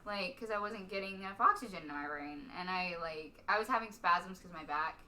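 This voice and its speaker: A woman from Texas, a stand-up comic, chatting as a podcast guest in a rambling way, full of "like" and quick laughs. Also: lowish voice, pushed and bright, far from the mic, slight background noise. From Stephenville, Texas. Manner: rambling, heavy use of "like", laughs often. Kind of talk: casual podcast chat.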